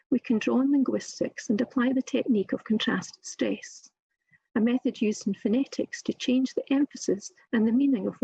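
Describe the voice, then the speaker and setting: A woman with a Scottish accent delivering a formal, prepared lecture on occupational therapy in a measured, deliberate way. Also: a little high, vocal fry, dark tone, breathy edge, no room sound. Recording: muffled lo-fi recording.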